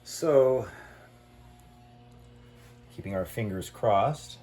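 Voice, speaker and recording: A man's voice: fairly low pitch, expressive, extremely slow, mellow. A man co-hosting a cooking show, chatting casually and cracking rambling, playful jokes as he works.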